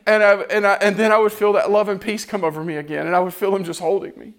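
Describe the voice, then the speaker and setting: A man's voice: sits high, little pitch movement, fast talker. A man giving an impassioned, earnest sermon testimony, repeating phrases as he builds.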